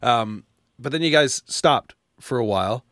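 A man interviewing a guest in a relaxed, casual way, easing into his questions. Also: medium pitch, unhurried, no room sound, clean studio sound. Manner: relaxed, hesitant questions with fillers.

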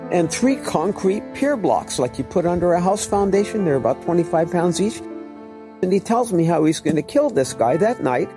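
A man's voice: fairly high pitch, darkish tone. A man preaching his testimony as a vivid storyteller who acts out the dialogue. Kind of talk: animated testimony sermon.

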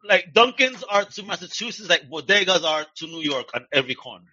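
A man's voice: high voice, expressive, brisk, pushed and bright, breathy edge, dull audio. A man from Puerto Rico hosting a podcast interview in a playful, enthusiastic, casual way. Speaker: podcast host.

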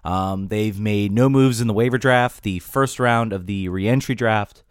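A man hosting a casual sports podcast, animated and quick to laugh, often repeating himself as he talks. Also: on the low side, clean tone, no echo, studio quality. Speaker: podcast host.

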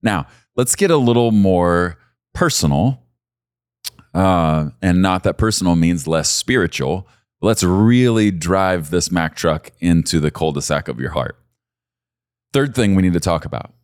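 A man preaching a sermon as pastor, swinging from low, quiet stretches to loud, high emphasis. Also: expressive, a little slow, dry recording, studio quality.

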